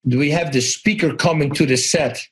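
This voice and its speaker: A middle-aged man with a Dutch accent talks as a guest in a casual interview, his voice husky and pitched a little high. He tells his stories with animation, acting out quoted lines and often restarting his sentences. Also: normal speed, a bit bright, rough recording. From Netherlands.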